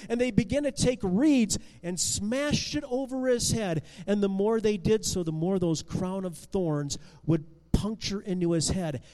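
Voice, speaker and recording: A man telling a Bible story dramatically, expressive and full of restarts and swings in loudness. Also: sits high, in a large hall, rough recording.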